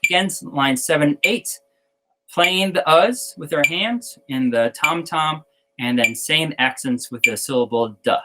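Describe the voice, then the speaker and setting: A man's voice: on the high side, measured pace, background noise. A man giving an online drum technique lesson, explaining exercises with fillers and self-corrections and chanting syllables in time as he counts off. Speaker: percussion teacher.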